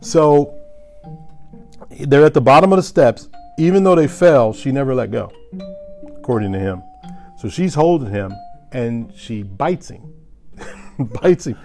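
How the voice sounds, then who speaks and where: Male storyteller, casual and lively, chuckles often, mid-pitch voice, faint music behind. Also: a little slow, pauses often. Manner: animated, chuckling, rising loud at tense moments.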